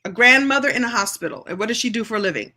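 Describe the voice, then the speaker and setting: A New York woman hosts a live session, chatting playfully and laughing a lot while playing an improv game with viewers. Her voice is on the high side, racing, pushed and bright, with lively intonation.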